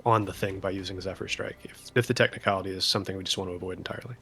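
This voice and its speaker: A man's voice: deep voice, steady tone, rapid-fire, pushed and bright, slight background noise. A man playing a tabletop game, explaining his choices practically. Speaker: player. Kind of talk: casual tabletop play.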